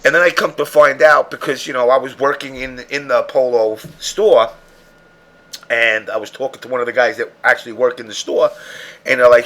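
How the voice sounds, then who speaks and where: A man's voice: medium pitch, steady tone, fairly quick, sharp tone. A man hosting a podcast, telling long profane stories in casual chat. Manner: profane, rambling storyteller. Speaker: podcast host.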